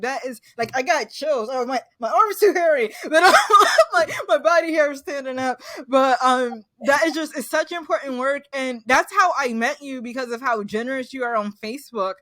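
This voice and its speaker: Fairly high woman host, effusive and chatty, dry close-miked sound. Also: no room sound. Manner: effusive, warm praise, laughs easily. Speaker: podcast host. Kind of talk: casual interview chat.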